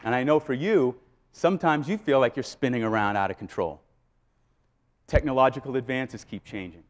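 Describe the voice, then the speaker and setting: A man giving a motivational keynote speech, telling a story with lively re-enactments to a live audience. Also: mid-range voice, moderate pace, some chatter behind, a little hiss or hum. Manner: animated, acts out scenes and voices. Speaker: keynote speaker. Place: live event before an audience.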